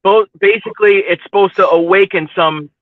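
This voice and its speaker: A man's voice: sits high, normal speed, no echo. A man hosting a casual stream chat, easygoing and rambling, laughing often. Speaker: host. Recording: dry, phone-like audio.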